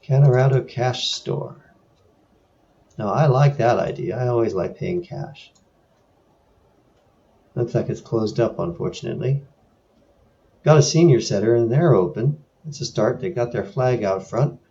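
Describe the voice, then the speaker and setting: A man's voice: medium pitch, expressive, a little slow, creaky, long pauses, mellow, lo-fi sound. A man from San Francisco narrating a casual screen tour in a wry, musing way. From San Francisco, USA. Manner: wry, musing, lightly sarcastic. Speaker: video creator. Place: home in France.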